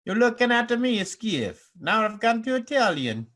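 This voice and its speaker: A co-host hamming up a comic fake Italian accent, joking around on a live talk show. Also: male voice, extremely high pitch, sing-song, moderate pace, fairly bright tone, voice pushed up, heavily acted. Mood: hammy. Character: clownish man in a hammy fake Italian accent.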